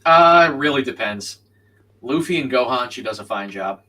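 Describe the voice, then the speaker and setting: A man's voice: medium pitch, expressive, normal speed, sharp tone, far from the mic, rough recording. A young man chatting casually and bluntly while streaming a co-op game, swearing freely. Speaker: co-op gaming streamer. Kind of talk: casual chat while gaming.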